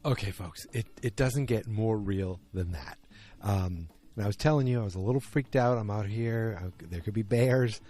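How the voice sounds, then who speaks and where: Brief: male podcast host, lower voice, mellow tone, casual rambling recap full of ums. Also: moderate pace. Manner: rambling, many fillers and restarts. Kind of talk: casual solo episode recap.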